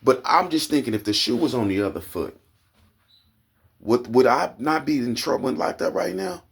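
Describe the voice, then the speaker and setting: A man with an Oklahoma accent ranting angrily to camera, profane and heated, his voice climbing into high indignant peaks. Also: animated, normal speed, husky. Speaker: vlogger. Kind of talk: angry rant to camera.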